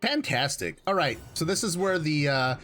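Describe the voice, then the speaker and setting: A man streaming a game, with rambling, excitable, self-deprecating commentary and casual swearing. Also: fairly high pitch, moderate pace, slight background noise. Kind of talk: casual let's play commentary.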